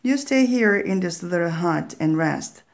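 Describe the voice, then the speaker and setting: A woman's voice: lowish voice, animated, unhurried, vocal fry. A woman voicing a caring mother who warns her daughter, in a storybook reading. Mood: firm.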